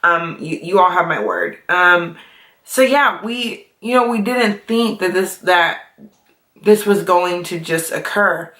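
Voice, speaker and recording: A woman's voice: on the low side, animated, slow, sharp tone. A young adult woman chatting casually to camera as a vlogger, full of fillers and laughs. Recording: echoey room.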